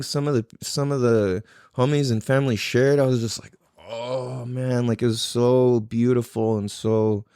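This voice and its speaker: A man's voice: mid-range voice, a little mellow, dry recording, studio quality. A man in his thirties hosting a podcast, telling stories casually, rambling, swearing often and losing his thread. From California. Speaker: podcast host. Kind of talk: casual storytelling.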